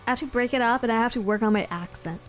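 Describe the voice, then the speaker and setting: Woman streamer, playful, self-mocking, quick to laugh, light music bed. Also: fairly high pitch. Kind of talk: casual chat reading viewer comments.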